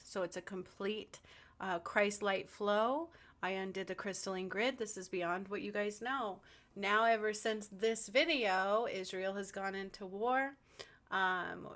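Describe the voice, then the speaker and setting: A woman's voice: mid-range voice, a bit bright. A woman giving a rambling, fervent spiritual monologue to camera, with frequent ums and restarts. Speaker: spiritual channel host.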